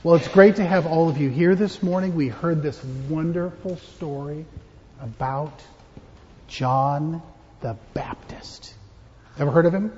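A man's voice: a little high, unhurried, mellow, big-room sound, muffled recording. A man giving a children's sermon as pastor, playful and joking with the kids. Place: church.

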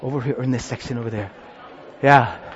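Mid-range and steady in tone, the pastor speaks fairly quickly while coaxing the congregation into a group activity during a children's sermon. A faint crowd and slight background noise sit beneath the muffled, reverberant church sound.

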